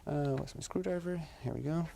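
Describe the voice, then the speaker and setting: A man's voice: a little high, brisk, creaky, mellow, a little hiss or hum. A man co-hosting a livestream, talking through a PC build as he works, hesitant and full of fillers. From Europe. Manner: hesitant, full of fillers, talks while working with his hands. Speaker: livestream co-host building a PC on camera. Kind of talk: casual livestream chat.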